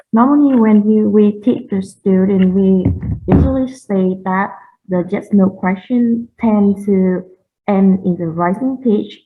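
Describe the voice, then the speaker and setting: A woman giving a class presentation on English intonation, careful and halting, often repeating words. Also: medium pitch. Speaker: student presenter. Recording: tinny phone-like audio.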